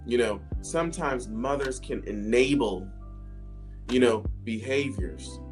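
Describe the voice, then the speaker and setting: A man's voice: medium pitch, slow. A man in his forties chatting casually and earnestly, telling personal family stories with emotion. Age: 40s. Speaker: podcast co-host. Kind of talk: casual chat. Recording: music playing behind.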